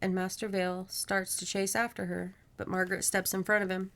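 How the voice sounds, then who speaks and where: A woman podcast host reading a horror novel aloud in steady narration, with casual asides to her co-host. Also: mid-range voice, fairly quick.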